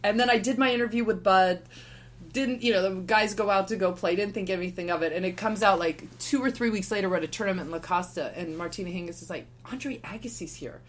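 A woman's voice: mid-range voice, fast. A woman in her forties, a podcast guest, telling a story in a casual way and acting out what others said. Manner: animated, acts out quotes of others.

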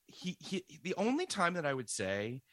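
A man co-hosting a podcast, leading the discussion. His voice is bright and his pitch lively. The sound is dry and close to the mic. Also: no echo. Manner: animated, halting with fillers, steering the discussion. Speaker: podcast co-host. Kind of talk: casual podcast chat.

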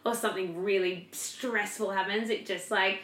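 A woman's voice: mid-range voice, fairly even intonation, moderate pace, fairly bright tone, echoey room. A young woman in casual personal chat, candid and chatty, swearing freely and filling her talk with "like".

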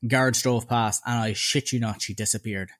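A man's voice: mid-range voice, normal speed. Profane, sardonic young Dublin man. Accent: Dublin Irish. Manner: animated, profane, sardonic anecdote-telling with voiced quotes. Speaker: podcast co-host. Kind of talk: casual storytelling chat.

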